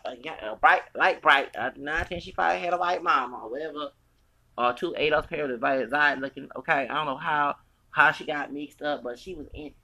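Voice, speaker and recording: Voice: medium pitch, sharp tone, poor audio. An American podcast host in their forties, ranting in a profane, confrontational, repetitive way. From United States. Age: 40s.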